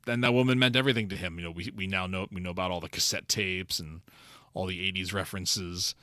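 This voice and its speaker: Bright-toned man talking haltingly. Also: low-pitched, steady tone, clear, resonant tone, no room sound, studio quality. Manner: halting, repeats words and restarts. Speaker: podcast co-host. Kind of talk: casual chat.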